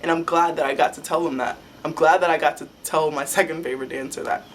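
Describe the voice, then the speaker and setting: Young adult woman, chatty fan vlogger, excitable and rambling, a little noise behind her. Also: sits low, fast talker. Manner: rambling and excitable, many "like" fillers. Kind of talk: casual fan storytelling.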